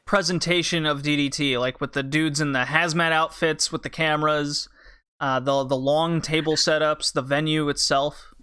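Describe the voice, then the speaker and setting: A man's voice: on the high side, steady tone, moderate pace, pushed and bright, clean tone. A man hosting a casual podcast chat, leading the talk and explaining things to his co-host. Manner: explanatory, leads the talk with questions.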